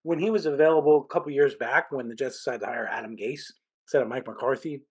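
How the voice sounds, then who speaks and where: A man co-hosting a sports podcast who chimes in with short agreements and gives longer, halting takes with restarts. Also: medium pitch, breathy edge. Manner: brief agreeing replies, then longer halting takes with restarts and a little swearing. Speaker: podcast co-host. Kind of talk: casual sports talk.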